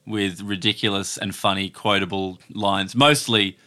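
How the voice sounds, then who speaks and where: A man with a lowish voice and a bright, forward tone, co-hosting a film podcast. He delivers dry, measured jokes. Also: fairly even intonation. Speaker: podcast co-host. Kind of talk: casual film-review chat.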